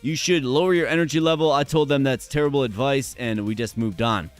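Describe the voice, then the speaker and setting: A man with a hoarse voice, chatting energetically with viewers during a live stream. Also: mid-range voice, a little fast, soft background music.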